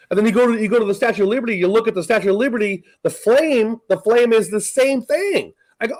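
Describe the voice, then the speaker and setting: A man's voice: sits high, expressive, fast. A man from California's Central Valley hosts a casual livestream chat. He rambles, swears freely and often restarts his sentences. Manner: rambling, profane, many restarts. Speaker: show host.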